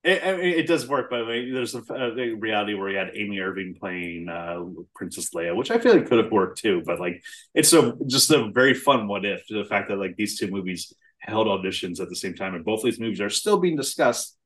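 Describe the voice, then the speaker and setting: A man's voice: lowish voice, lively intonation, brisk. A man co-hosting a podcast, chatting casually about a film, swearing freely and laughing often. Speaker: podcast co-host.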